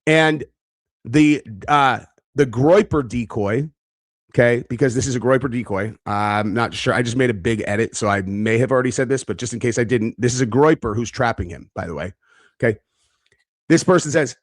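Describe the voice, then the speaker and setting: A man's voice: mid-range voice, normal speed, no echo, studio quality. A man giving casual reaction commentary, brash and profane, boastful, talking in bursts with frequent fillers. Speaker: online commentator.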